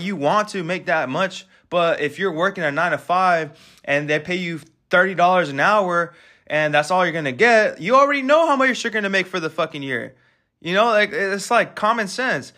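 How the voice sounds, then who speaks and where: A man's voice: a little high, bright, forceful tone. A man in his twenties hosting a podcast, talking in a brash, profane, hyped-up monologue full of fillers. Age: 20s. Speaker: podcast host. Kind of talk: casual motivational monologue.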